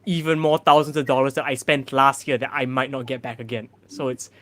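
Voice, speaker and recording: A man's voice: mid-range voice, little pitch movement, brisk, no room sound. Man, from Singapore, playful teasing banter, dry close sound. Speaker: guest comedian. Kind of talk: casual comedy banter.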